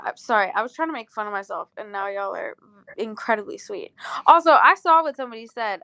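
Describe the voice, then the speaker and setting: A woman's voice: a little high, sharp tone, dry recording. A woman chatting casually on a livestream, groggy, rambling and giggly, swearing freely between songs. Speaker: singer on a livestream.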